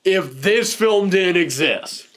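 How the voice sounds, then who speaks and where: A man's voice: high voice, expressive, slow pace, fairly bright tone. A man hosting a casual film review chat, rambling and laughing often while sitting on a couch. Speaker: podcast host reviewing films.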